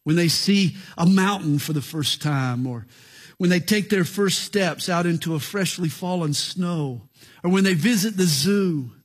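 A middle-aged man, preaching a radio sermon as pastor, earnest with dramatic swings in pitch and loudness. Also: a little slow, breathy edge.

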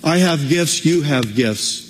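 A man's voice: a little high, animated, slow pace, slight background noise. A man preaching a conversational sermon as pastor, with frequent restarts. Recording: long hall reverb.

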